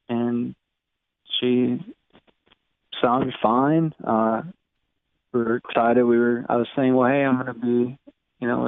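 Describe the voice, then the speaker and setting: Man in his thirties, halting speech, lots of fillers, gravelly edge, thin phone-like dry sound. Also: mid-range voice, no echo. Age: 30s. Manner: halting, many fillers and restarts. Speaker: guest. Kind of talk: personal storytelling interview.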